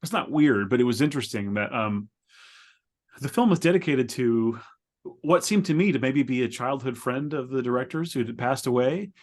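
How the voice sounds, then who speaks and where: Male co-host, mid pitch, chatty and rambling, stumbles on his words, laughs easily. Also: lively intonation, normal speed, a little mellow. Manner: rambling, stammering, laughs often while describing. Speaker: podcast co-host. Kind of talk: casual chat. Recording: lower quality than usual.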